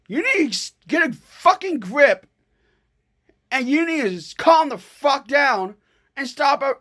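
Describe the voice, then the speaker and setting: A woman's voice: high voice, fairly bright tone. A woman ranting angrily to camera in a vlog, swearing often and stumbling over restarts. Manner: angry, profane, halting with restarts. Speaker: vlogger.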